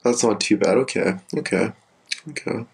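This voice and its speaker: A young man with a fairly low voice hosts a casual live stream. He rambles candidly through personal stories and answers comments from viewers as they come in. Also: normal speed, creaky, low-quality recording. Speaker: livestream host. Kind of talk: casual livestream chat.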